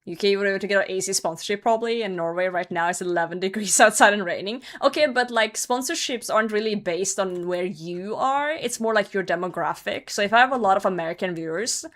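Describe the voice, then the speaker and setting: A young woman live streamer chats casually with her chat while gaming, laughing often and swearing now and then. Her voice is medium-pitched and fairly bright.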